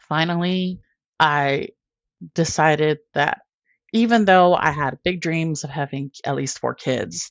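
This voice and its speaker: Podcast guest, woman, lower register, candid and emotional storyteller, dry sound. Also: dry recording. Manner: emotional, candid, often laughing at herself.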